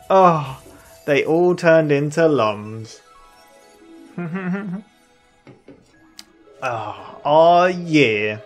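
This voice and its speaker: A gaming channel host giving let's play commentary, excitable, laughing often and talking to themselves. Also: medium pitch, very slow, pauses often. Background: game music.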